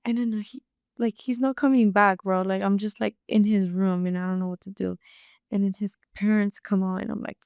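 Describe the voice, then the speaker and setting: Young woman with a gravelly voice. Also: mid-range voice, no room sound. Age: young adult. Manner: rapid, animated, filler-heavy storytelling. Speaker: podcast guest. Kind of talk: casual storytelling.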